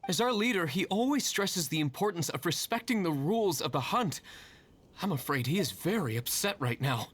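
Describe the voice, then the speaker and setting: A woman's voice: lowish voice, expressive, moderate pace, breathy edge. A woman voicing a firm, scolding female hunter who enforces the rules of the hunt. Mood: stern.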